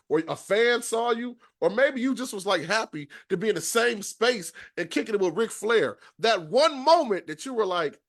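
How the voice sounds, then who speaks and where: A man hosting a podcast interview, lively and hyped in casual talk. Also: high voice, normal speed. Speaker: podcast host.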